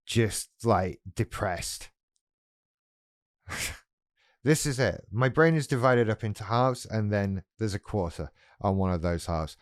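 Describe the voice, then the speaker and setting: A man's voice: on the low side, no echo, studio quality. A man talking frankly and with self-mocking humor in a casual vlog monologue. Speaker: YouTuber.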